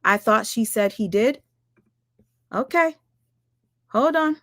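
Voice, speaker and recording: A woman ranting on her livestream, firing rhetorical questions at her viewers, swearing often and talking fast and emphatically. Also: fairly high pitch, expressive, fairly bright tone, no echo, clean studio sound. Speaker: livestream commentator. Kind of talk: heated livestream rant.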